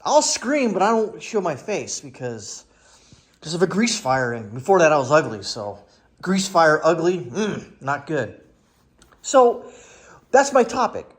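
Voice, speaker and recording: A sarcastic man in his forties talks through casual commentary, often mimicking others with whiny put-on voices. His voice sits high, and his pitch swings widely from phrase to phrase. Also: sing-song, unhurried. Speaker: political commentator.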